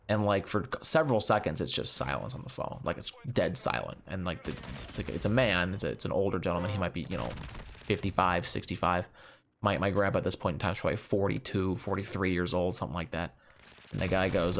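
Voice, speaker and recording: A man spins a story in a casual, rambling way with plenty of swearing and fillers. His voice sits on the low side. There is a faint layer of noise behind him. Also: fairly quick. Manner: rambling, profane, lots of fillers. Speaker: gaming channel host. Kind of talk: casual storytelling over gameplay.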